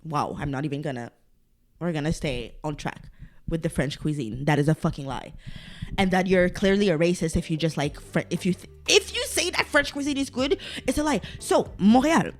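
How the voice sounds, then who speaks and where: A young adult woman hosts her own podcast, ranting casually with plenty of swearing and side tangents, complaining in an exasperated, exaggerated way. Her low voice is expressive and moves at normal speed, with faint music behind it.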